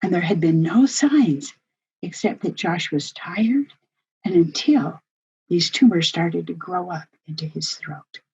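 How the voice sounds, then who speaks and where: An older woman telling a family story with earnest feeling. Her voice is low and very husky, with a breathy grain. The recording sounds dull and lo-fi. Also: lively intonation, measured pace, darkish tone. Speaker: family workshop presenter. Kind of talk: personal storytelling talk.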